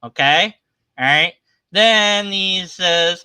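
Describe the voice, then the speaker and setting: A man's voice: high voice, animated, takes it slowly, bright, forceful tone, clean tone, no room sound. A man giving casual, sarcastic commentary as he reads scripture aloud at his computer. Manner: sarcastic, irreverent. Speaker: atheist commentator. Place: at his computer sharing his screen.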